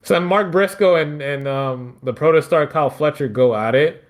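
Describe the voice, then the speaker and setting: A man's voice: on the high side, moderate pace. A man from Philadelphia hosting a podcast, recapping wrestling in a loose, profane, rambling way. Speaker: podcast host. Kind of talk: casual wrestling recap chat.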